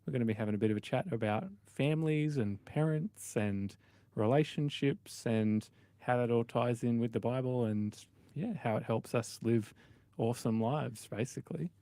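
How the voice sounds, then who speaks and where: A man's voice: mid-range voice, moderate pace, dark tone. A man co-hosting a faith radio show, chatting casually and telling rambling stories. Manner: rambling, storytelling with fillers. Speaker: radio co-host.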